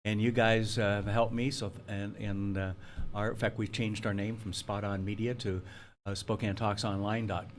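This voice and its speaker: A man's voice: fairly low pitch, little pitch movement, a little hiss or hum. A man hosting a local radio talk show, chatty and affirming as he questions his guest and jokes along. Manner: chatty, affirming, quick to joke. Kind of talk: casual interview talk.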